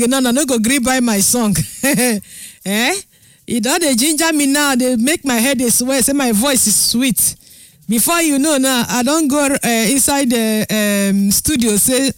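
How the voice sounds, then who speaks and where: A woman with a Nigerian accent hosting a casual radio show, chatty and animated, laughing often between her words. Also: medium pitch, dry recording. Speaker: radio host. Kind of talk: casual radio chat in Pidgin.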